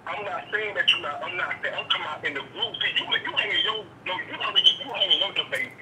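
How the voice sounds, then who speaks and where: A man's voice: high-pitched, quick pace, crowd noise, rough recording. A man calling in to argue sports, insistent, interrupting and tripping over his words. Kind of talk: heated sports debate.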